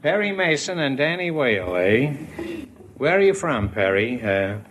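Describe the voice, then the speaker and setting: A man hosts a 1950s radio quiz with a wisecracking, teasing delivery. His voice sits at an ordinary middle pitch, and a faint hiss runs underneath it. He needles the contestants playfully between questions. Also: sing-song, measured pace, a bit bright. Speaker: quiz show host.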